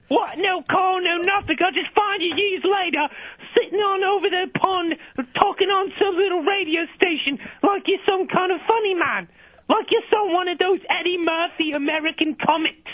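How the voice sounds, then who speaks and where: A man's voice: extremely high pitch, normal speed. A man putting on a brash woman caller. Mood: scolding. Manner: scolding, cheeky insults. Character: brash middle-aged British woman caller, foul-mouthed ex-girlfriend. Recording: tinny phone line.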